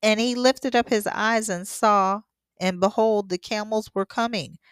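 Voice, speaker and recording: Woman scripture reader, unhurried and low-pitched, close dry mic, stopping to add heartfelt asides. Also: fairly even intonation, clean tone, dry recording. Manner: reads steadily, then breaks in with emotional asides. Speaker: scripture teacher. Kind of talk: reading scripture aloud with commentary.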